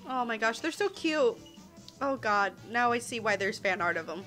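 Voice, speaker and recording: A woman's voice: on the high side, animated, moderate pace, pushed and bright, soft background music. A young woman with a Southern US accent, chatting and giggling casually through a live game stream. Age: young adult. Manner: chatty, giggly, easily sidetracked.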